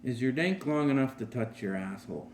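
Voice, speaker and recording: A man voicing an easygoing old grandpa out fishing in a told joke, in a folksy, unhurried way. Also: medium pitch, expressive, slight background noise, close to an everyday voice. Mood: wry. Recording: roomy with faint ambience.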